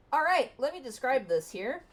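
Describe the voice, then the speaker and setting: A woman narrating a tabletop game as game master, describing scenes in a relaxed way with fillers. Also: sits high.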